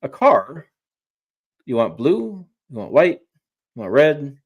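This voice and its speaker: A man's voice: medium pitch, sing-song, slow pace, slightly rough, highs cut off. A man talking trucks as a journalist guest in a casual live-stream chat, emphatic and rambling, often restarting his sentences.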